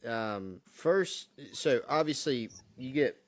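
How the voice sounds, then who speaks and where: A man hosting an interview, asking questions in a soft-spoken, hesitant way and apologizing when he cuts in. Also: medium pitch, expressive, slow. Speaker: host.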